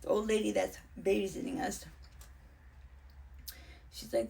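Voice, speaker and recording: A woman's voice: medium pitch, fairly even intonation, a little slow, vocal fry, pauses often, mellow, distant mic. A young woman telling a personal story in a candid, chatty way, often dropping into a whisper. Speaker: vlogger. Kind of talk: casual storytelling.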